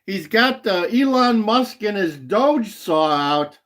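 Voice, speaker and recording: Slow-talking, high-voiced male streamer. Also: animated, fairly bright tone. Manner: rambling, laughs a lot, keeps repeating a catchphrase. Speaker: livestream host. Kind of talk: casual chat with live viewers.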